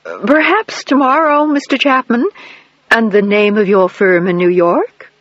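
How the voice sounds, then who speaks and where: A man's voice: sits high, a bit bright, no echo, muffled recording, voice pushed up. A male narrator voicing a blunt, direct middle-aged American countess in an audiobook. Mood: wary. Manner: blunt, direct, quick exclamations.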